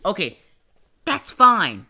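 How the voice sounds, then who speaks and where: Man, podcast host, bright tone, animated, stammering repeats, casual rant. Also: high-pitched, takes it slowly, vocal fry. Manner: rants, laughs often. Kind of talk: casual livestream chat.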